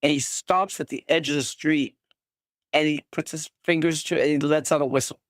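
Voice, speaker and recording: A game master narrating a tabletop game in a casual, halting way, with many fillers and quick voices for each character. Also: mid-range voice, steady tone, no echo, clean studio sound.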